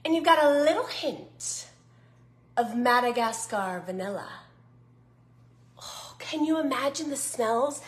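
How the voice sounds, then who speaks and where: A woman's voice: sits high, pushed and bright, reverberant. A woman with a Southern US accent chatting to her viewers as she cooks at home, folksy and teasing herself, in her thirties. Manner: folksy, self-teasing, talks straight to viewers. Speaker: home cooking vlogger. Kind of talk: chatty cooking vlog. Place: home kitchen.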